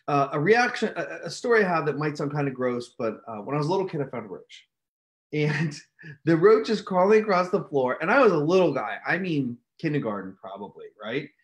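Animated man telling a story on a live stream. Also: fairly high pitch. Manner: animated storyteller, shouts to act out reactions. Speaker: host. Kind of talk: casual live-stream talk.

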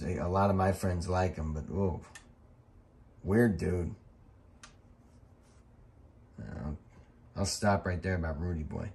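A middle-aged former referee talks over old wrestling footage in a loose, chatty voice-over. His voice sits a little low, and he wanders from story to story. He swears casually and quickly gets fired up. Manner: rambling, chatty, profane, quick to get worked up.

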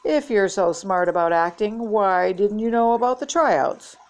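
A woman's voice: medium pitch, animated, measured pace, natural voice. An older woman voicing an eager, worried young schoolgirl who stammers, reading a storybook aloud.

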